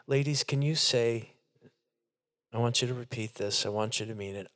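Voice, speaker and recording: A man's voice: mid-range voice, normal speed, fairly bright tone. A middle-aged man preaching a sermon to his congregation in a church, earnest and direct. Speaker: pastor. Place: church sanctuary.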